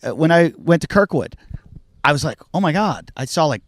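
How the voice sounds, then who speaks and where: A man's voice: a little high, lively intonation, a little fast. A middle-aged man hosting a casual podcast chat, telling candid stories and swearing freely. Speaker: podcast host.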